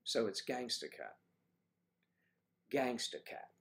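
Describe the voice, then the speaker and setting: A man's voice: mid-range voice, lively intonation, takes it slowly, gravelly, fairly bright tone. An older man hosting a casual morning livestream, chatting playfully and greeting viewers by name as he reads their comments. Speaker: livestream host.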